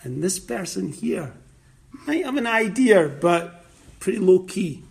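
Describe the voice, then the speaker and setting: A man preaching a sermon slowly and emphatically, repeating his phrases and rising loud and high when he voices scripture. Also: very animated, gravelly.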